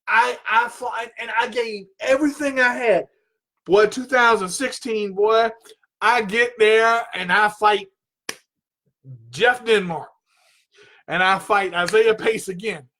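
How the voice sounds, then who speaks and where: A man's voice: high-pitched, takes it slowly, sharp tone. A man hosting a talk radio show, telling a personal story in an earnest way, repeating himself and straining his voice when he gets worked up.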